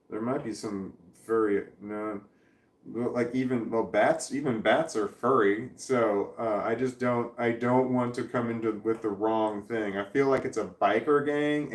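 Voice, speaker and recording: A man's voice: medium pitch, roomy sound, far from the mic. A man chatting casually on a live stream, reading chat and thinking aloud in rambling, self-interrupting sentences.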